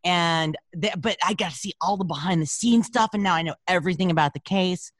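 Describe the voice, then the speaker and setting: A woman's voice: lowish voice, fairly quick, no room sound, studio quality. Brash, profane woman co-host. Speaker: podcast co-host. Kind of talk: casual chat.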